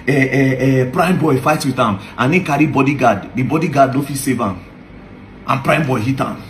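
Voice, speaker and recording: A man's voice: medium pitch, fast, faint music behind. Defiant Nigerian man ranting. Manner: combative, defiant, mixing Pidgin and English. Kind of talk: ranting video monologue.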